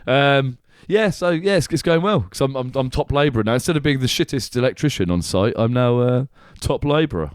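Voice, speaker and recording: A man hosting a comedy chat podcast, rambling along and swearing freely. His voice sits at a middle pitch, and the sound is dry and close. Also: animated, brisk, few pauses, smooth, no room sound. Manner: rambling, swearing, laughs often, restarts. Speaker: podcast host.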